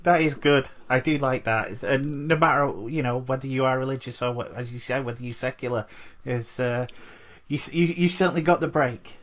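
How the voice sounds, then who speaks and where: A man's voice: medium pitch, fairly quick. A man hosting a podcast interview, asking questions in a hesitant way. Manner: hesitant, with fillers and restarts. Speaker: podcast host. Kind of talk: casual interview. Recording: dull lo-fi audio.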